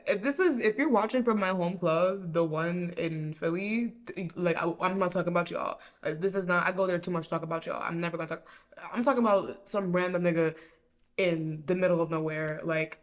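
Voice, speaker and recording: A young woman hosting a podcast, telling a story in a casual, profane, exclamatory way. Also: on the low side. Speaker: podcast host.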